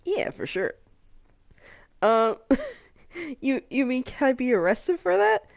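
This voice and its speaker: A woman's voice: high-pitched, very animated, takes it slowly, creaky, dry recording, studio quality. A woman hosting a live game stream, chatting casually and laughing often.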